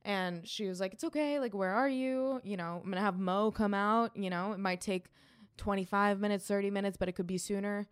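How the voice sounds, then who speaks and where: Woman, podcast co-host, casual storytelling, swears a lot, acts out quotes, mid-pitched voice. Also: level tone, brisk, clear, resonant tone.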